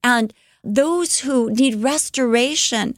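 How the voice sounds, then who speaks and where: A woman's voice: high-pitched, takes it slowly, no echo, pitched above the performer's own voice. A woman voicing a hopeful, devout younger sister who speaks with earnest, tender conviction. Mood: visionary.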